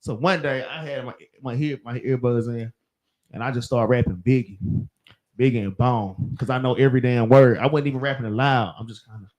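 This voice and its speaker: Leading a religious class in a relaxed, chatty way, this Southern US-accented man laughs through slangy stories about work. He has a darkish mid-range voice with a steady tone, moving a little fast.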